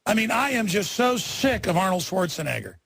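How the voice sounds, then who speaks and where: A man's voice: sits high, big pitch swings, brisk, creaky, a bit bright, slightly rough. A man as a talk radio host delivering a heated, indignant rant. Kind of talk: angry ranting commentary.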